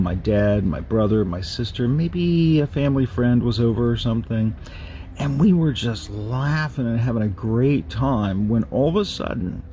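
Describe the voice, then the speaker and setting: A man with a somewhat low voice recounts a personal ghost story, taking his time. He talks very slowly and haltingly, pausing and restarting as he goes, with a faint hiss of background noise. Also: a little mellow. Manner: slow, measured, halting storytelling with pauses and restarts. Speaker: narrator of a paranormal recording series.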